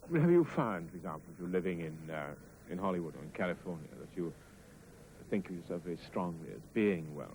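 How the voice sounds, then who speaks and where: A male reporter putting questions to actors, talking fast in a lowish voice that rises and falls a lot. He pauses on "uh" before getting to the point, with faint ambience behind. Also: expressive, a little mellow, a little hiss or hum, rough recording. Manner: hesitant, fills with "uh" before questions. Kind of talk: interview questions.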